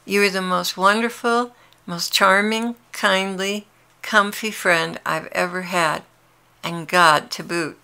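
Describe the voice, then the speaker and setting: A woman's voice: fairly low pitch, fairly even intonation, slow, gravelly, pushed and bright, clean tone. A woman speaking earnestly and intimately in a devotional monologue, confessing openly to her listeners.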